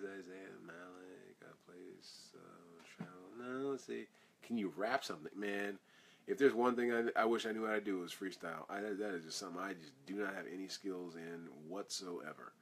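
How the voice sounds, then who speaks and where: A man's voice: low-pitched, steady tone, unhurried, gravelly, a little hiss or hum. A man, an actor, answering fan questions in a casual live Q&A, reading each question aloud and rambling through his answers.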